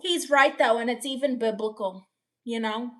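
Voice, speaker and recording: A woman's voice: fairly high pitch, moderate pace. A woman live-streaming, reading viewers' comments aloud and bantering with them in a playful, teasing way.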